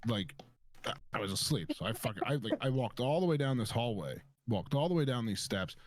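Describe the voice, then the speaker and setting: A young man chats casually and tells a long story, cursing freely and stumbling through fillers. His voice sits at a middling pitch and is recorded close and dry, with no room sound. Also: brisk, dry recording. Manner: swears a lot, animated storyteller with many fillers.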